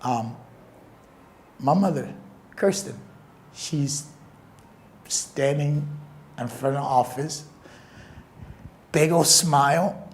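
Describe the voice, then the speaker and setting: A young man telling a personal story in an interview, earnest and emotional, with halting pauses. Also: fairly high pitch, a little hiss or hum.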